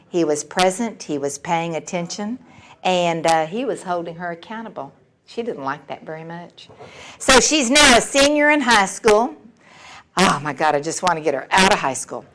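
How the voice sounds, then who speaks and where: A middle-aged woman sharing her personal recovery story at a meeting, animated, laughing often and acting out the voices of the people she quotes. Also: medium pitch, rough recording. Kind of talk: personal testimony talk.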